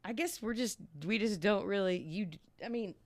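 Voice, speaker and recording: A woman hosting a casual chat, chatty and animated, often laughing as she tells stories. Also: mid-range voice, moderate pace. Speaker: podcast host.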